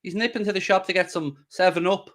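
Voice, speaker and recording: A man's voice: high-pitched, fairly even intonation, fast talker, a bit bright. A young English man hosting a casual football watchalong, chatty and teasing, reading viewer messages aloud. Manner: teasing, chatty, reads super chats. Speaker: host.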